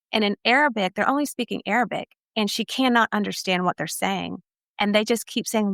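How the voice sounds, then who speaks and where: A woman's voice: medium pitch, brisk, gravelly, a bit bright, no echo, clean studio sound. A woman from Texas, a podcast guest telling her life story in an earnest, emphatic way. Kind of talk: personal testimony storytelling.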